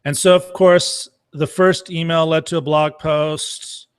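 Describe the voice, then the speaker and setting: A man's voice: a little high, fairly even intonation, takes it slowly, clear, resonant tone. A middle-aged man giving a blunt, casual Q&A talk as a marketing coach, swearing freely. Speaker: marketing coach answering questions.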